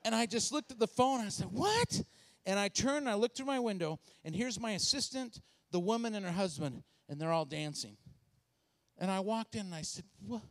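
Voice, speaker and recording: A male pastor telling a funny story in a sermon, excitable and animated. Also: high-pitched, fairly quick, big-room sound.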